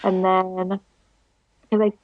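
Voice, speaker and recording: A young woman in her twenties chatting as a podcast guest, animated and quick to laugh. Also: mid-range voice, no echo. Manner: giggly, animated storyteller, laughs often. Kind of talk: casual podcast chat. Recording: dull lo-fi dry sound.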